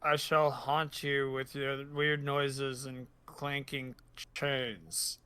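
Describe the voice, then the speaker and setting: A man voicing the ghost of an old male mongoose, reading slowly and haltingly. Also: mid-range voice, steady tone, bright, forceful tone, clear, resonant tone, no room sound, voice pushed down. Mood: ominous. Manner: slow, halting read-out with pauses.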